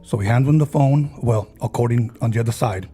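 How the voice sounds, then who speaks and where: A man's voice: mid-range voice, brisk, mellow, soft background music. A man on a podcast, casually retelling a friend's ghost story and acting out the people in it.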